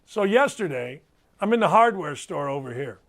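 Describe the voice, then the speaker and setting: Blunt high-voiced middle-aged sports host. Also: male voice, very animated, normal speed, fairly bright tone. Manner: blunt, emphatic, repeats himself for effect. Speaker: sports talk show host. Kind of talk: sports talk monologue.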